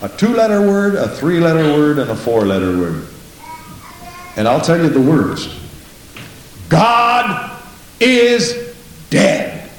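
A man's voice: expressive, normal speed, darkish tone. A man preaching a sermon, telling stories in an emphatic way and often repeating a short phrase of praise. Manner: emphatic, repeats "Praise the Lord", big pitch swings. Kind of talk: sermon with storytelling. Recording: very echoey room with faint hiss.

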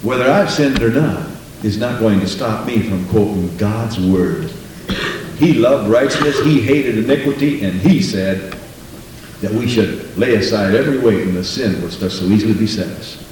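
Heard at a moderate pace against background noise, this man preaches in a church, asking rhetorical questions and performing quarrels with sudden pitch shifts. The recording is very reverberant, with the speaker far from the microphone.

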